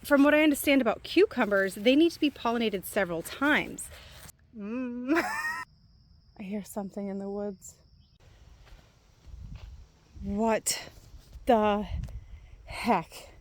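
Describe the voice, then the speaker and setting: A woman chatting casually and excitedly while showing her backyard garden plants outdoors. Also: mid-range voice, fairly quick. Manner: chatty and excitable, laughs easily. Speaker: gardening vlogger.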